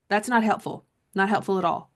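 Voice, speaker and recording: A woman's voice: mid-range voice, unhurried. A woman coach reading a self-help book aloud, then talking it over in a casual, conversational way and repeating herself for emphasis. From Southern California. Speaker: mindset coach.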